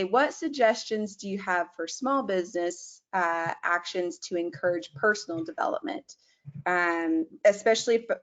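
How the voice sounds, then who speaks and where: A woman moderating a webinar, relaxed and thoughtful as she reads out audience questions. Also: lowish voice. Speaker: webinar host. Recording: dull lo-fi audio.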